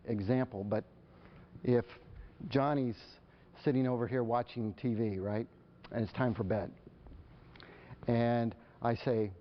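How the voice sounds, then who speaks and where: A man's voice: medium pitch, highs cut off, a little hiss or hum. A man giving a conversational live presentation to parents, often putting questions to the audience in front of him. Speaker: speaker addressing parents.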